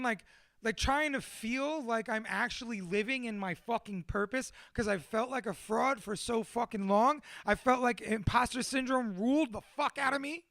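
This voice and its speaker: Man, 30s, motivational speaker. Profane, rambling, self-mocking monologue. Very high, bright voice, dry recording. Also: no echo. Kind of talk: candid personal monologue.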